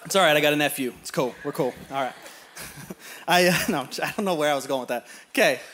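A man in his thirties preaching a sermon, telling a family story with laughs, then building to shouted emphasis. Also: fairly high pitch, fast, a little hiss or hum. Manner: laughs through his own anecdotes.

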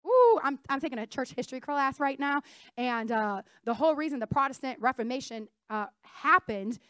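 A woman's voice: sits high, animated, moderate pace, a bit bright, no room sound, clean studio sound. A young adult woman preaching a sermon, emphatic, asking her congregation questions and having them answer back.

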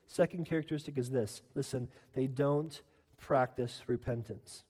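A man preaching a sermon as pastor, emphatic, often urging "listen" and climbing to loud peaks. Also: medium pitch, moderate pace, slightly rough, in a large hall.

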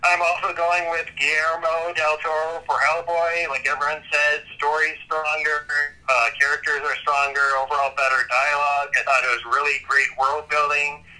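A man giving measured opinions in a casual movie-review chat over a call. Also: a little high, flat delivery, bright, forceful tone, rough recording. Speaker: podcast co-host.

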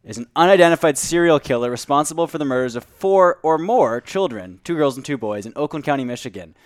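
A man's voice: on the high side, lively intonation, fast talker, no echo. A man co-hosting a casual sports podcast, chatty and rambling, often trailing off. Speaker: podcast co-host.

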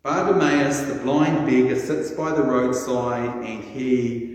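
A man's voice: medium pitch, steady tone, takes it slowly, slight background noise. A man preaching a sermon in a conversational storytelling way, acting out quotes. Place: large echoey church. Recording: echoey church hall with long reverb.

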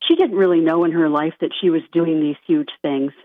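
Woman, phone-line sound, dry, soft-spoken, earnest, radio guest. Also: deep voice, brisk, dry recording. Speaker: life coach guest. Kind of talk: radio interview answers.

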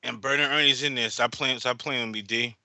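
A man co-hosting a podcast in casual chat, playful and teasing, often laughing loudly. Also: medium pitch, steady tone, fairly quick, no room sound. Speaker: podcast co-host.

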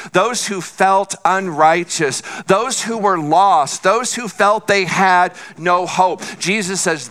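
A man's voice: high voice, sharp tone. A man preaching a sermon as pastor, earnest and repeating phrases for emphasis.

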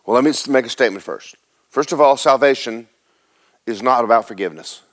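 A man's voice: medium pitch, fairly quick. A man delivers a sermon in an everyday, conversational voice. He reads scripture aloud and then explains it, asking questions and repeating words for emphasis. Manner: conversational preaching with repetitions and rhetorical questions. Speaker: preacher.

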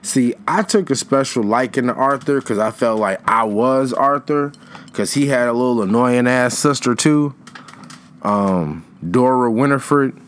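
A young man chatting loosely and freely, his slangy sentences trailing off and starting over. His voice sits at an ordinary middle pitch for a man. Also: measured pace, a little hiss or hum. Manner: rambling, slangy, trails off and restarts. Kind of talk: casual chat.

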